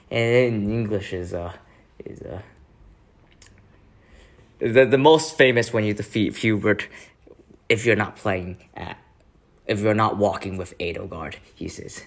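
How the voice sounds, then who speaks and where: A man's voice: fairly low pitch, measured pace, vocal fry, pauses often. A young man chatting casually as a vlogger, hesitant and laughing often. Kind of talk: casual chat.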